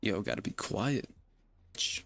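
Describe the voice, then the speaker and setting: A man's voice: unhurried, a bit bright, faint music behind. A young man streaming a game, rambling and joking to himself and to his opponent. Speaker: gaming streamer. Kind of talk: casual livestream commentary.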